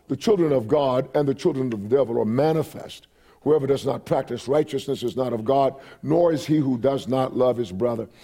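A man's voice: mid-range voice, mellow, slightly rough. A man in his forties preaching a sermon while he has a cold, reading scripture aloud and repeating phrases for emphasis. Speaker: pastor.

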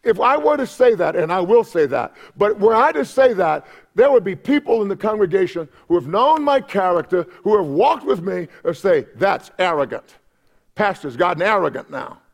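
A man preaching a sermon as pastor of a church, impassioned, with shouted peaks and repeated words. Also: high voice, big pitch swings, moderate pace, vocal fry, few pauses. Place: church sanctuary.

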